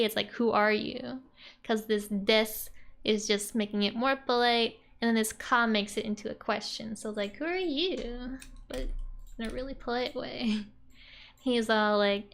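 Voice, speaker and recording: A young woman giving a casual, chatty language lesson. She says "like" often and laughs softly between points. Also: a little high, vocal fry, clear, resonant tone. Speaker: Japanese language teacher.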